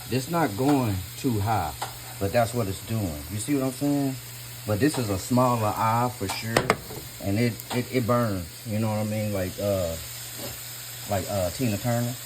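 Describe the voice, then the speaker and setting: A man's voice: fairly low pitch, background noise. A man hosting a casual cooking vlog, chatty and slangy, calling his viewers y'all all the time. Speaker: cooking vlogger.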